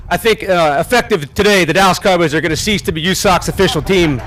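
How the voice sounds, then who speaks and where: Folksy general giving a field speech. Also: male voice, high voice, fairly bright tone. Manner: folksy, self-deprecating, halting with restarts. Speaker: general officer speaking at a ceremony. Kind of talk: ceremonial speech with humor. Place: outdoors on a field.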